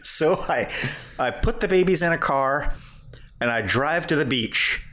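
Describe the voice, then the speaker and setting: A man's voice: fairly high pitch, a little slow. Guy on a podcast telling a long funny story, voice jumps all over, laughs a lot. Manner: animated, laughs through his own story. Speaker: podcast co-host. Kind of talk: casual storytelling chat.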